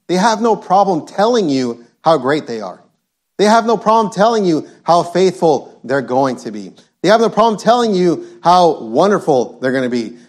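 A male preacher delivering an emphatic sermon, reading scripture and driving points home by repeating them. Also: on the high side. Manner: emphatic, repetitive, quotes scripture.

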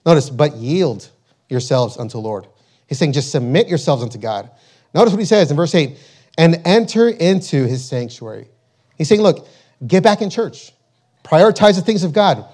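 A man with a high voice delivers a sermon in an emphatic, repetitive way. He hammers the same points home and slows right down when he reads out scripture. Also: a little mellow. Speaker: preacher.

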